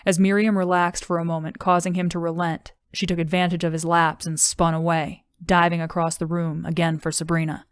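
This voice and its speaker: A woman reading an audiobook in a steady, even narration. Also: on the low side, a little fast, hardly any pauses, clean tone, no echo, clean studio sound. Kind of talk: scripted narration.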